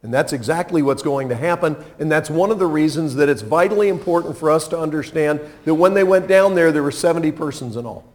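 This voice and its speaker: A man preaching a sermon in an expressive, conversational way, dropping to soft low lines and rising to loud emphatic peaks, often asking the congregation questions. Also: fast, few pauses. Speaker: pastor.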